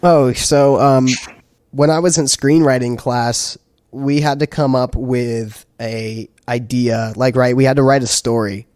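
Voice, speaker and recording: A man in his twenties co-hosting a casual chat, rambling through a story and trailing off quietly. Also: mid-range voice, fairly even intonation, unhurried, no echo, studio quality. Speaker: podcast co-host.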